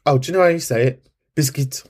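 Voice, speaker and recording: A man's voice: very fast, a little mellow. A man hosting a podcast, chatting casually and cheekily in response to listeners' voice notes, camp and sweary. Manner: camp, cheeky and sweary, with big swoops in pitch. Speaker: podcast host.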